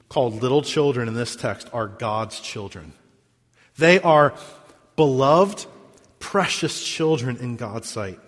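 Emphatic preaching man in a reverberant hall. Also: fairly bright tone. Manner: emphatic preaching with big swings in pitch and volume. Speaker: pastor. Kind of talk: sermon.

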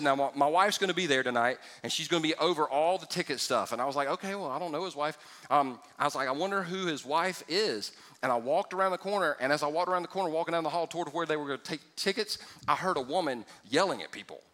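A male pastor preaching a sermon, joking with the congregation and dropping from loud exclamations to hushed asides. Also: fairly high pitch. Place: church sanctuary before a congregation. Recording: church hall with long reverb.

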